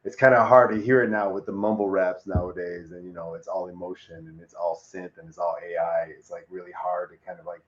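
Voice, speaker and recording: A man's voice: low voice, flat delivery, a little fast, few pauses. A man co-hosting a podcast, musing and rambling in casual chat. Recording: dull echoey room.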